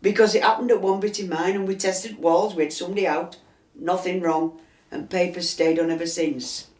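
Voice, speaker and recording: A woman's voice: fairly low pitch, moderate pace. Chesty older Yorkshire woman telling a tale. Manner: lively storyteller acting out quoted dialogue. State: chesty cough. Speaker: resident interviewee. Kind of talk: storytelling interview. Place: inside a house. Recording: roomy echo.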